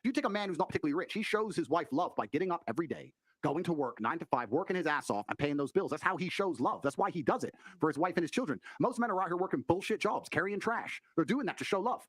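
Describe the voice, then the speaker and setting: A man talking as a guest on a podcast, forceful and lecturing. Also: fairly high pitch, expressive, fast, breathy edge, no room sound, rough recording. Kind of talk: opinionated podcast talk.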